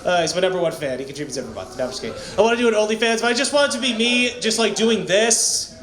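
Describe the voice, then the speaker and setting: A male open-mic comedian with a high voice rambles through self-mocking bits and shouts questions to the crowd. The echoey room rings around his handheld mic. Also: very fast. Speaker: stand-up comedian.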